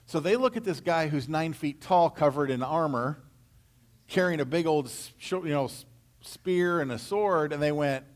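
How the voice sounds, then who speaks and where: Man Bible teacher, folksy and casual, slightly high voice with animated pitch. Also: moderate pace. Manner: casual, folksy storytelling with slang and asides.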